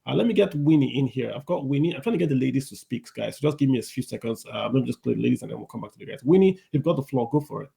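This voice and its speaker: Gravelly-voiced man hosting a discussion. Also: mid-range voice, very fast, few pauses. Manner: relaxed, calls on speakers one by one. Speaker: host. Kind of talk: moderating a live audio discussion.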